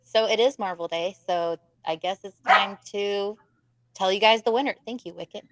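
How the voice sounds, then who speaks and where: A woman co-hosting a live podcast, chatting casually with quick laughs and self-deprecating asides. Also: mid-range voice, heavy background noise. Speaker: podcast co-host.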